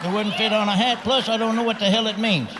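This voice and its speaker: A man's voice: high voice, steady tone, fast, over a noisy crowd, heavy background noise, voice pushed up, natural voice. A man voicing a crude, drawling hillbilly tow truck as a talk-show guest.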